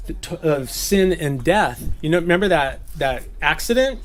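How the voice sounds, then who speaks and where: A man from Southern California giving a relaxed, chatty sermon, laughing often and slipping into playful voices. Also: on the high side, normal speed. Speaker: preacher. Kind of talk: casual sermon teaching. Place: gathering.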